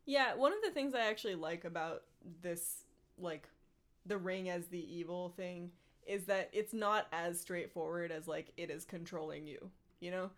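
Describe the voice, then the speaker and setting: A woman's voice: on the low side, moderate pace. A woman chatting casually in a book discussion, talking in a laughing, self-conscious way. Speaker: book club member. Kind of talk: casual chat.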